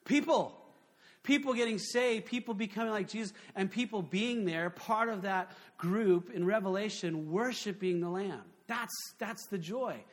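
Man, high voice, pastor preaching, conversational sermon, rhetorical questions, animated delivery. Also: measured pace.

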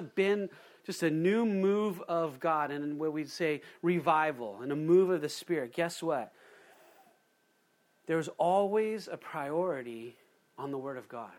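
Pastor preaching, fairly high man's voice. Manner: conversational preaching with asides and acted quotes. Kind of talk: sermon.

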